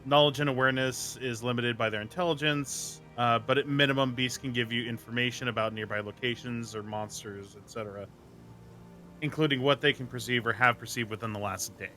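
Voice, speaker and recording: A man's voice: mid-range voice, steady tone, brisk, pushed and bright, faint music behind. A man playing a tabletop game, reading rules and speaking in character, blunt and swearing when annoyed. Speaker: player.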